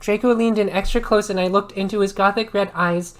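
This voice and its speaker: Woman reader in an ASMR maid role-play, theatrical, mid-range voice, prone to sudden loud bursts. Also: medium pitch, fairly quick. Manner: animated dramatic reading with sudden loud outbursts.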